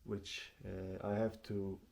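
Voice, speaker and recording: Slow-talking man unboxing gear. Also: lowish voice, flat delivery, creaky, a little mellow. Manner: unhurried, plainspoken, often restarting phrases. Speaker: tech reviewer. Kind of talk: casual product unboxing. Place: apartment at home.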